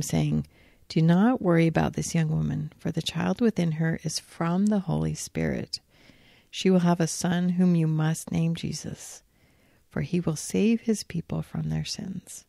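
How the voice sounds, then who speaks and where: Reading scripture on her podcast, a woman comments thoughtfully and lifts her voice whenever she quotes. She speaks at a fairly low pitch, creaky yet mellow, with a dry, clean studio sound.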